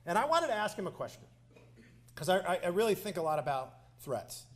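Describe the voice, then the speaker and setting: A Texan-accented man delivering a campaign speech at a live forum, with a slightly high voice for a man. He is passionate and folksy, and his anecdotes often turn into jokes. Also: big pitch swings, brisk. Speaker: politician speaking at a candidate forum. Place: civic center hall, live event.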